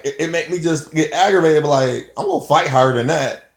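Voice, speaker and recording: A man's voice: fairly high pitch, brisk. Rambling man in an echoey room. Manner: rambling and animated, acting out quoted exchanges. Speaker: vlogger. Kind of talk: casual spoken monologue.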